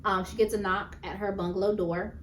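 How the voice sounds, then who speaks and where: Female podcast co-host, relaxed chatty delivery; sits back from the mic. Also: mid-range voice, brisk, distant mic, a little hiss or hum. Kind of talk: casual movie recap chat.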